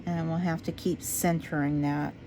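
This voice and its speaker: A woman chatting casually to her viewers as she works on a craft project. She talks to herself while she works and drifts into low, quiet talk when she concentrates. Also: level tone, normal speed, slight background noise. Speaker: resin craft vlogger.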